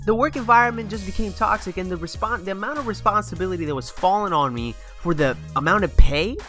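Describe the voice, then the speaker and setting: A young man telling a storytime rant as a vlogger, animated and slangy, with lots of emphasis. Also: high-pitched, fast, soft background music.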